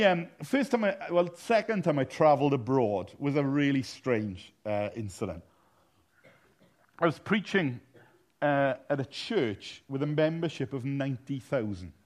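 A man preaching a sermon, telling funny stories with a self-deprecating, anecdotal manner. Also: mid-range voice. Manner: humorous anecdotal, self-deprecating, laughs at own jokes. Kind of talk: sermon with storytelling.

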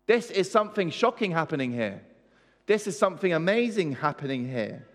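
Male preacher, slightly high voice, emphatic and questioning, church-hall reverb. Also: very animated, a little fast. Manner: emphatic, asks the audience questions. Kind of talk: sermon.

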